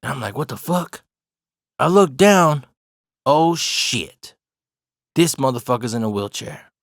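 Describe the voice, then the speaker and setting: A man's voice: medium pitch, expressive, measured pace, no room sound, studio quality. Man telling a profane story. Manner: profane, laughs through the story. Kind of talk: casual personal storytelling.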